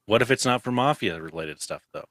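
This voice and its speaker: A man co-hosting a movie review podcast, talking in a matter-of-fact, dry way. His voice sits a little low but has a bright edge. The sound is close and dry. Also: animated, brisk, dry recording. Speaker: podcast co-host. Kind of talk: casual movie-review chat.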